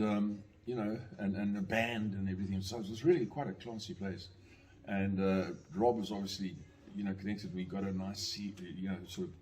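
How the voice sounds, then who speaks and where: A man's voice: on the low side, a little mellow. An older man telling a casual, rambling anecdote, full of fillers, restarts and chuckles. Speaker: storyteller.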